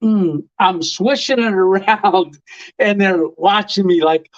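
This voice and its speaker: A man's voice: high voice, a little slow, dull audio. A middle-aged man hosting a casual live stream, telling rambling stories full of "uh" and chuckles. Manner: rambling storyteller, lots of "uh" and chuckles.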